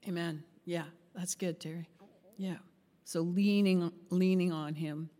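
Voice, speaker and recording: A woman's voice: fairly low pitch, steady tone, a little slow, mellow. Chatty woman pastor in a reverberant hall. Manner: chatty, asks the group questions. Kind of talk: interactive sermon.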